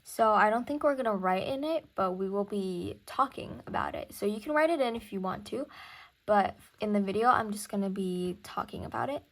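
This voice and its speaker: A woman's voice: mid-range voice, expressive, moderate pace. A young woman teaching music theory in a casual recorded lesson, thinking aloud and counting beats.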